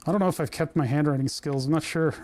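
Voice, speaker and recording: A man's voice: fairly high pitch, fast talker, darkish tone. A man chatting casually while tinkering in his workshop, rambling and self-amused, recorded on a lapel microphone. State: hiccuping. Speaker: maker streaming a workshop project. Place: indoor workshop.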